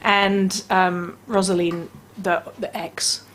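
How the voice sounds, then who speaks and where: A woman's voice: on the low side, level tone, slow pace, fairly bright tone, slight background noise. A woman with a New Zealand accent chatting as a radio book reviewer, reading out picture-book lines in playful voices. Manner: chatty, acts out story voices.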